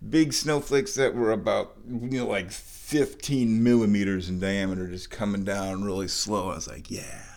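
A man's voice: on the low side, fairly even intonation, moderate pace, few pauses, a little mellow. A man vlogging at home, telling a meandering everyday story in a casual, chatty way while walking between rooms. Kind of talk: rambling casual vlog chat.

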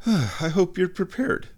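A man hosting a casual vlog, talking slowly and playfully, now and then slipping into high baby talk, a bit stuffy from sinus trouble. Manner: slow, drawling and playful, with high baby talk to his cat. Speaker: vlog host.

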